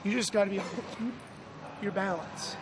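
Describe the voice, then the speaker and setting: Man, lacrosse coach, high voice, energetic shouted pointers, noisy practice recording. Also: brisk. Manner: energetic, calls out praise and instructions. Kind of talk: on-field coaching.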